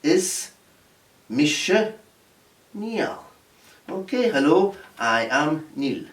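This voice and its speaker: A man leading a playful online lesson for children, slowly sounding out simple phrases syllable by syllable. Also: fairly high pitch, sing-song, fairly bright tone. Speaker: Gaelic workshop teacher. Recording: roomy sound from a distance.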